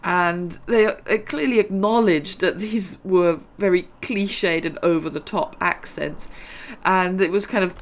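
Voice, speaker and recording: Unhurried and medium-pitched, a middle-aged woman hosting a gaming video rambles chattily through a let's-play session. She keeps up casual commentary, sprinkled with giggly asides.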